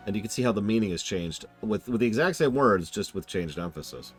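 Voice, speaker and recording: A male streamer talking over gameplay with a low voice and a very lively pitch. He is animated and sarcastic, and cracks jokes as he plays. Faint music runs underneath. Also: a little fast, few pauses. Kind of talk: casual gameplay commentary.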